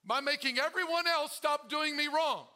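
A man's voice: very high voice, normal speed, bright, forceful tone. A male pastor preaching a sermon to his congregation, calling out to them and acting out the prayers he quotes. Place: church.

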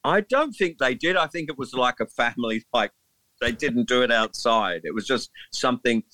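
A man in his sixties from England chats as an interview guest, telling stories in a rambling, amused way. His voice is bright and forward, recorded dry and close with no room sound. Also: mid-range voice, lively intonation, normal speed, no room sound. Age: 60s. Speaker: musician guest. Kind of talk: casual interview chat.

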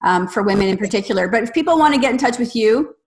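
A woman's voice: a little high, expressive, fast. Host: woman, reflective and affirming interviewer. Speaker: podcast host. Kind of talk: podcast interview.

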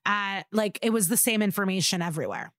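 A woman co-hosts a podcast and asks her questions eagerly. She trips over her words and restarts often. Her voice is mid-pitched. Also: brisk, fairly bright tone. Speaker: podcast co-host. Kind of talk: casual podcast interviewing.

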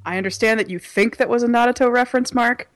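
A woman co-hosting a comedy podcast, tossing in teasing deadpan quips during casual chat. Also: on the high side, fast. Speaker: podcast co-host.

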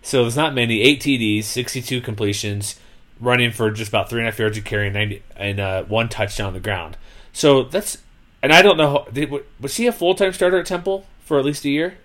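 A man hosting a casual sports talk show, rambling and animated, often exasperated, with lots of fillers. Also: mid-range voice, fairly quick. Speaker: sports podcast host.

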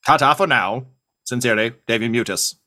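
A man voicing a gleeful male inquisitor who burns heretics, speaking slowly and theatrically in a sing-song. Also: medium pitch, bright, forceful tone, close to an everyday voice. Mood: gloating.

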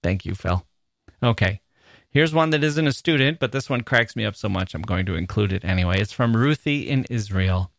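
A man's voice: on the low side, animated, moderate pace, creaky, no echo, clean studio sound. Playful American man hosting a podcast. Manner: playful, jokey, self-mocking. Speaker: podcast host. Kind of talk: casual podcast commentary reading listener mail. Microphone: studio microphone.

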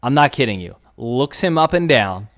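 Philly guy in his 30s telling a story on a podcast, keeps doing the voices, mid pitch. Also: moderate pace. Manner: animated storyteller, acts out quoted voices. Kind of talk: casual storytelling chat.

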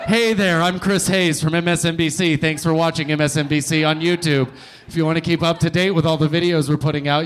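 A man's voice: a little high, slight background noise. Sardonic young male stand-up host. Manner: sardonic, riffing, swearing. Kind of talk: stand-up comedy set. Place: comedy club stage.

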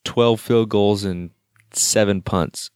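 Man, sarcastic ranting sports co-host, deeper voice, dry close sound. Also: steady tone, takes it slowly, a little mellow, clear, resonant tone, no echo. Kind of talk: casual sports talk.

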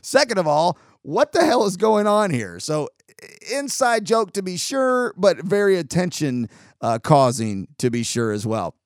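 Male host, casual sarcastic storytelling, lively swoops, slightly high, dry close sound. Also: dry recording. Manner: sarcastic, animated, quick asides. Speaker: podcast host.

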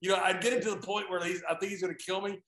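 A man telling anecdotes in a casual chat, animated and acting out what people said, often laughing. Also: sits high, racing, roomy sound.

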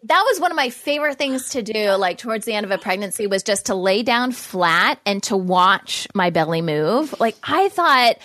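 A woman's voice: mid-range voice, expressive, normal speed, hardly any pauses, fairly bright tone, no echo, clean studio sound. A woman co-hosting a pregnancy podcast in casual chat, bubbly and laughing often. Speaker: podcast co-host.

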